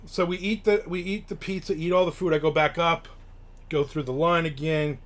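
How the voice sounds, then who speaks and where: A man hosts a casual live stream. His voice sits a little high for a man. He rambles through stories and swears offhandedly. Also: steady tone, normal speed. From Newark, New Jersey. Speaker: show host.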